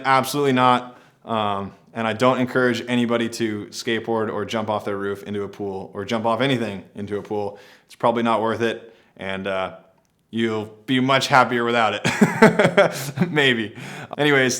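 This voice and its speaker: A man's voice: medium pitch, flat delivery, a little fast, a bit bright. Man, casual storytelling to camera, laid-back and rambling, mid-range voice. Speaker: adventure athlete telling a personal story.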